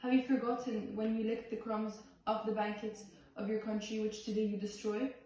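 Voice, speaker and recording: A woman performing a play by reading the script aloud in a halting way, with restarts on some words. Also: medium pitch, little pitch movement, mellow. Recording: far-off voice in a very echoey room.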